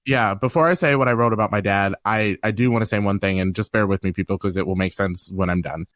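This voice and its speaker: Guy guest on a podcast, low-ish voice, open and reflective, super dry close sound. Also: fast talker, a bit bright, dry recording. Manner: candid, reflective, tearful at times. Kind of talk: emotional personal conversation.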